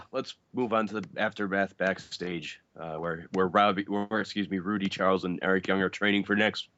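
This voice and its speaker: Man, medium pitch, chatty, dry muffled sound, wrestling talk. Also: fairly even intonation, moderate pace, a bit bright, no echo. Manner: chatty, laughs, fillers. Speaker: podcast co-host. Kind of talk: casual wrestling review chat. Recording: dry dull lo-fi podcast mic.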